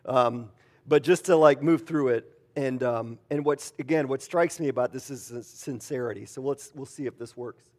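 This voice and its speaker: A man preaching in a relaxed, conversational way, with many fillers and acted-out quotes. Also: medium pitch, moderate pace. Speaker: pastor. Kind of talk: sermon.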